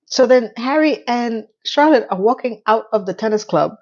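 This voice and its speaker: A woman casually recapping a TV episode in a blunt, animated, swearing style. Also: a little high, normal speed, lo-fi sound. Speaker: TV recap vlogger.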